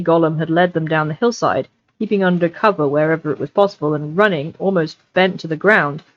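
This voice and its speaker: A woman reading a novel aloud on a livestream, chatty and scattered, with asides, over a desk mic. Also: on the low side. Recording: lo-fi livestream audio.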